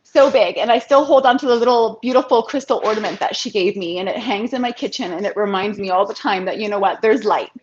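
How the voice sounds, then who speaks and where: A woman's voice: medium pitch, quick pace, few pauses, slight background noise. A woman in her thirties, an interview guest telling a personal story in a heartfelt, chatty way. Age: 30s. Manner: heartfelt, chatty, quotes others in lively voices. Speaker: interview guest, financial advisor. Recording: dull lo-fi sound.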